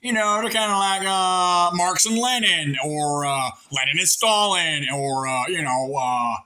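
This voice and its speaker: Sharp-voiced sarcastic ranting man. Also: high-pitched, measured pace. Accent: rural American. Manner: folksy, coarse talk. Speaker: vlogger airing grievances. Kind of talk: rambling monologue to camera.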